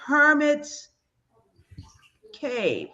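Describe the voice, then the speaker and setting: A woman's voice: high-pitched, drawn-out words. A woman hosting a casual video chat, telling stories with lots of laughter and exclamation. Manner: animated, laughing, exclamatory storyteller. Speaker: host. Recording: dull lo-fi audio.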